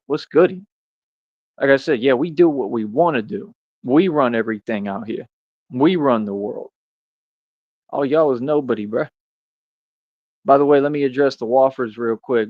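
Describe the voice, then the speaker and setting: A man's voice: mid-range voice, dry recording, dull audio. A man streaming a confrontational monologue, firing off repeated rhetorical questions in a casual street-talk way. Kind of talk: ranting monologue to camera.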